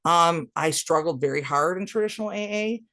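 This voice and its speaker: A woman's voice: fairly low pitch, moderate pace, a bit bright, dry recording. Blunt, candid woman telling her story. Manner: raw, blunt, swears freely, speaks to listeners directly. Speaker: podcast guest telling her recovery story.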